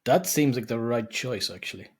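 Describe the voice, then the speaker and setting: A man co-hosting a podcast, chatting enthusiastically about a film with quick quips. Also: medium pitch, breathy edge. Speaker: podcast co-host. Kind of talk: casual movie review chat.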